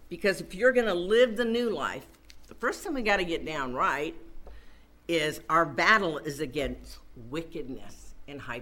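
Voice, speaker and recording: A woman preaches with a bright, ringing voice that rises and falls widely. She repeats phrases to drive her points home and reads scripture aloud at an unhurried pace. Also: fairly low pitch. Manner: emphatic, repeats phrases for stress. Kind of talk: sermon.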